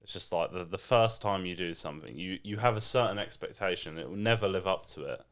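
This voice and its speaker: A man's voice: low-pitched, quick pace, a bit bright. A man hosting a podcast, chatting and bantering in a jokey way. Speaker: podcast host. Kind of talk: casual podcast chat.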